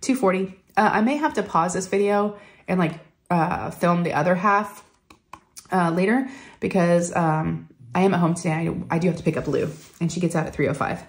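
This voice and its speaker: A woman's voice: on the low side, normal speed. A middle-aged woman chatting casually to viewers from home, telling stories with lots of fillers and giggles. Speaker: crafting vlogger.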